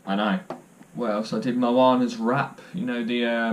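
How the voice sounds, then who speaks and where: In a medium-pitched, steady voice, a young man chats to camera at a moderate pace with few pauses. He's a vlogger telling rambling, jokey stories about himself, sprinkled with ums and uhs.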